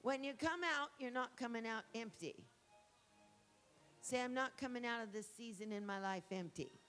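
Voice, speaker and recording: A woman preaching a sermon with fervor, swinging from loud exhortation to soft acted asides. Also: on the high side, normal speed, faint music behind, rough recording. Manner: fervent, shifting between shouted exhortation and soft acted asides.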